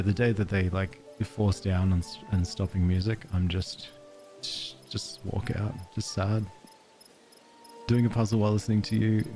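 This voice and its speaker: An Australian man with a lowish voice streams a cozy game, chatting easily and laughing a lot. His tone is dark and mellow, and a faint bit of music plays behind him. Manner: chatty, laughs often, thanks chat viewers. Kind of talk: casual live-stream commentary.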